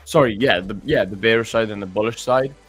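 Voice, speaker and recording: A man's voice: fairly low pitch, a little fast, slightly rough, faint music behind. A man hosting a live trading stream, chatting casually and joking while he stammers and restarts as he walks through charts.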